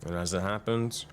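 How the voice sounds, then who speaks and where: A man's voice: low voice, noisy background. A man running a tabletop game as game master, loose and profane, laughing often.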